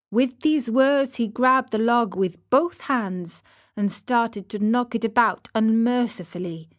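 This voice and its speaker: Woman reading a bedtime story, slow and gentle, kinda high voice. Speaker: narrator. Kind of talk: children's audiobook narration.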